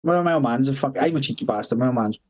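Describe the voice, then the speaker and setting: A man's voice: mid-range voice, racing, darkish tone, poor audio. A man telling rambling anecdotes as a podcast guest, swearing constantly and breaking into laughter. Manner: heavy swearing, laughing, acting out quoted voices. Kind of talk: casual anecdotal storytelling.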